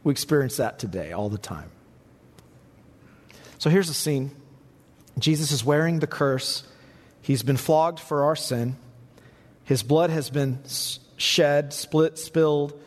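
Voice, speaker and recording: A man preaching a sermon as pastor, building to emphatic peaks and dropping low for quiet points. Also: animated, takes it slowly, pauses often. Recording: long reverb in a large hall.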